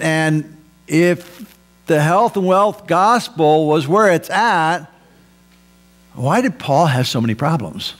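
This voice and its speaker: A man preaching a sermon as pastor, emphatic, rising for stress and dropping low for asides. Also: a bit bright.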